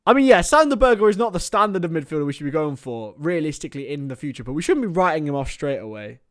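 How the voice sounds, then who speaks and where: A young man talks through a football match on a live stream, mixing play-by-play with easy chat to viewers. His voice sits a little high and laughs break in often. The sound is dry and close. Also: lively intonation, fast talker, no echo. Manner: chatty, laughs often, greets viewers by name. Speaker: live stream host and commentator.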